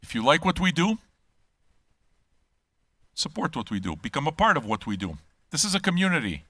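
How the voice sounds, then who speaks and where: An older man talks in a blunt, teasing, profane way as a channel host. His voice sits a bit high and sounds bright and forceful. The sound is dry and close. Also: big pitch swings, moderate pace, pauses often, dry recording. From Quebec. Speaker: music reaction channel host. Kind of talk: casual chat.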